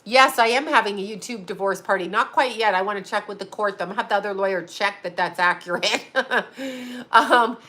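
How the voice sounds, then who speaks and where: A psychic medium and astrologer in her fifties chats casually on her own livestream channel, blunt and profane and laughing often. Her medium-pitched voice moves fairly quickly with a sharp tone.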